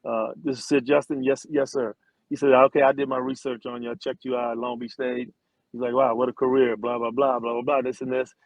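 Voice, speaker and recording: A middle-aged former football player and singer, a guest in a casual storytelling interview, spins a long tale, slipping into the voices of the people he quotes and restarting sentences often. His mid-pitched voice is fairly quick and animated. The sound is dry, close, and rough, with no room sound.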